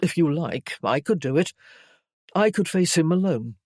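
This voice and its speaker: A woman voicing an ardent, possessive gentleman in a period romance, firm and insistent. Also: deep voice, animated, moderate pace, husky, no room sound, studio quality.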